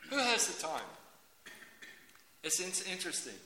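A man preaching a sermon in a lively, theatrical way, acting out everyday scenes with voices. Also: high-pitched, unhurried, slight background noise. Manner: animated, acts out scenes with voices. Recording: echoey hall.

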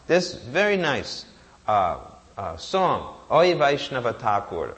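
A man's voice: a little high, expressive, unhurried, fairly bright tone. A man giving a sermon, reciting Sanskrit verses and asking rhetorical questions that he answers himself. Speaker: preacher.

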